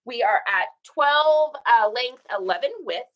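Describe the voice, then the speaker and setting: A woman's voice: a little high, animated, a little slow, muffled recording. A woman hosting a casual live stream while shipping orders, chatting folksily, telling stories and reading viewer comments aloud. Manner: folksy, says y'all.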